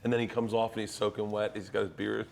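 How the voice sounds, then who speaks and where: A man who is a stand-up comedian, telling stories in casual chat and jumping his voice high to act out the people he quotes. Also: quick pace, gravelly, a little hiss or hum. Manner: excitable storyteller, swings high to act out quotes.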